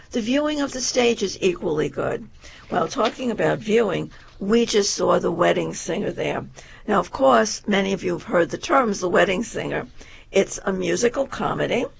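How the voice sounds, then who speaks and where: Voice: mid-range voice, gravelly, muffled recording, a little hiss or hum. A show host giving a meandering, enthusiastic theater review, piling on adjectives, with a voice that wavers up and down.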